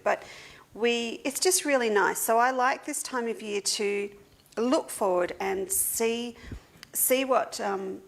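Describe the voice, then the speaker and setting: A woman's voice: mid-range voice, vocal fry. An Australian woman hosting a casual livestream for her quilting shop, chatting to viewers and greeting them one by one by name. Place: seated at a table indoors.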